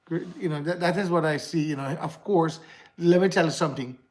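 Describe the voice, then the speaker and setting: A man's voice: on the high side, fairly quick. A man with a Jamaican accent chatting casually to viewers on his livestream, rambling and slipping into patois. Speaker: livestream host. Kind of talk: casual live chat to viewers.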